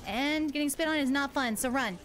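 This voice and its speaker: Giggly high-voiced woman streamer. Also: fairly quick, a bit bright, faint music behind. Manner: playful, giggly, self-mocking panic. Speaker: VTuber streamer. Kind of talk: casual gameplay livestream.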